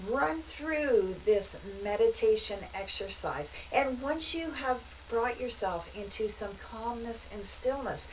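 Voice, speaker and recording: Slow, calm woman guiding meditation. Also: fairly high pitch. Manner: slow, calm, soothing delivery with casual asides. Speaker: meditation instructor. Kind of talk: guided meditation instruction. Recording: voice from a distance, faint background noise.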